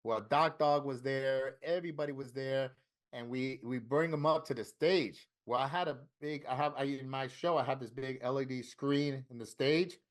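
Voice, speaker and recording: A man's voice: mid-range voice, normal speed. Profane storytelling man from Florida. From Florida, USA. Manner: animated, profane, acts out quoted voices. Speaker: interview guest, tattoo artist. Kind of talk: casual storytelling.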